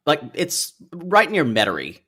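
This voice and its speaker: A man co-hosting a podcast, chatting in a gossipy, animated way and laughing often. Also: fairly high pitch, unhurried, breathy edge. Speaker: podcast co-host. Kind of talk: casual chat.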